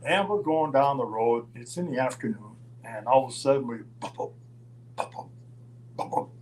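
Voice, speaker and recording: An older man from Minnesota spins a road story at a middle pitch, slipping into quoted voices and chuckling as he goes. A faint electrical hum sits under his voice. His talk is loose and casual. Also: expressive, moderate pace, a little mellow, rough recording. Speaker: storyteller guest. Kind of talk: casual anecdote telling.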